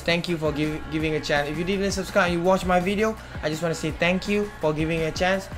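A man giving excitable commentary on his own video game play and reacting loudly to the action. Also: on the high side. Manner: excitable, yelps and laughs at the game. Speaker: gaming YouTuber. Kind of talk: casual gameplay commentary.

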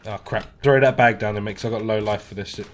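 A man chatting casually and excitably during co-op gameplay, swearing often. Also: on the low side, fast. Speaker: gamer.

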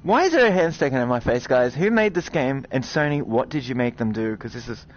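Excitable man commentating a game. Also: mid-range voice, brisk, slight background noise. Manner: excitable, swears, talks straight to viewers. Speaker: gaming video host. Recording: slightly dull recording with game music.

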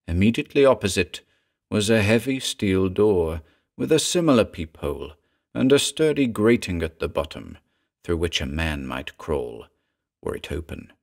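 A man narrating a horror story in a measured, grave storytelling manner. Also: low-pitched.

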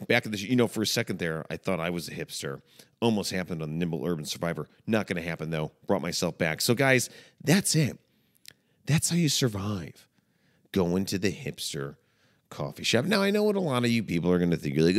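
A man hosts a comedy podcast in a deep, low-pitched voice. He talks in a playful, mock-dramatic way. His pitch leaps from low mutters up to high exclaims. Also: sing-song, fairly quick. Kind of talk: comedic monologue.

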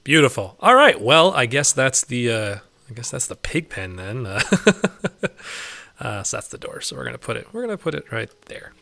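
A man's voice: medium pitch, big pitch swings, normal speed, vocal fry, pushed and bright. A man giving casual gameplay commentary as a let's play host, chatty and often laughing, coaxing game animals in a singsong voice.

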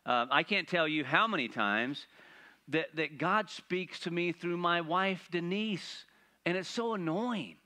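A man preaching a sermon, animated and playful, asking the congregation rhetorical questions. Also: fairly high pitch, a little slow. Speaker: pastor.

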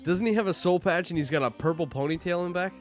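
A man's voice: high-pitched, quick pace, over music. A man joking crudely in casual let's-play banter while commenting on a game. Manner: joking, crude, laughs often.

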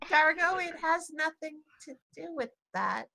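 A woman's voice: high voice, expressive, a little slow, vocal fry, a crowd in the background, pitched above the performer's own voice, heavily acted. A woman playing a stammering young bird-folk adventurer. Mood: evasive. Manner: stammering, hesitant, nervous laughs. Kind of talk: role-playing a character in a tabletop game.

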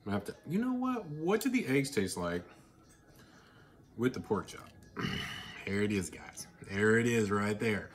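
A man talking casually to his viewers while he eats, chatty and excitable, with mouthfuls and happy murmurs between his sentences. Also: medium pitch, unhurried. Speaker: vlogger. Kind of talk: casual eating vlog.

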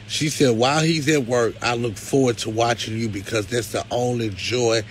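A man's voice: lowish voice, a bit bright, a little hiss or hum, poor audio. A man talking to his viewers on a livestream, emotional and close to tears, with a preacherly lift. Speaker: live-stream host.

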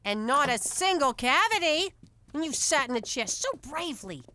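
A woman's voice: high-pitched, big pitch swings, normal speed, sharp tone, dry recording, heavily acted. A woman voicing a doting but chiding mother in an adult cartoon. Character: fussing mob-family mom.

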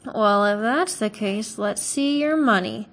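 A woman's voice: medium pitch, a little slow. A woman reading aloud and voicing a small, suspicious male village butcher who talks in a scornful, sarcastic and snappish way.

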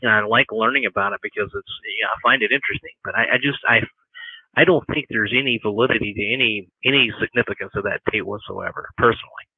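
A man in an online chat room who argues in a skeptical, measured way. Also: fairly low pitch, husky, dry recording, narrow, tinny audio.

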